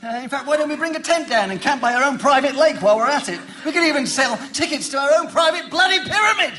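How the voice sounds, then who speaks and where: An actor playing a flustered, sarcastic husband on holiday. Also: male voice, extremely high pitch, expressive, fast, fairly bright tone. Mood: irritable. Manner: exasperated, sarcastic. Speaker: hotel guest. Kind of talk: comedy drama acting.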